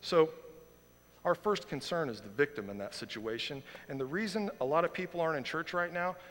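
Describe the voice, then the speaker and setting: Male pastor, 30s, high bright voice, fiery sermon delivery, big church hall echo. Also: animated, fairly quick. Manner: impassioned, swings from quiet to loud outrage. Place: church sanctuary. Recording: long reverb of a large hall.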